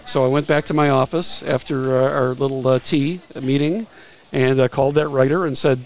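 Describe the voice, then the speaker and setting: Recorded roughly, a retired music publicist in his sixties appears as a guest on a casual interview show and tells stories from his career. His medium-pitched, steady, darkish voice moves at an easy pace, but he frequently stumbles, repeating words and starting phrases over.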